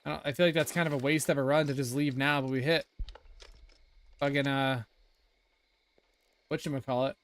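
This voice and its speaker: A man's voice: medium pitch, fairly even intonation, normal speed, pauses often. A young man streaming a game, chatting casually and rambling with lots of fillers and swearing. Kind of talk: casual gameplay chat.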